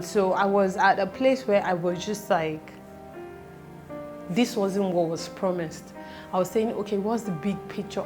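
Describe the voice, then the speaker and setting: A woman in her thirties speaking in a personal vlog, halting and close to tears, with faint music behind. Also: medium pitch. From Nigeria. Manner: tearful, halting, fighting back tears. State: close to crying. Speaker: vlogger.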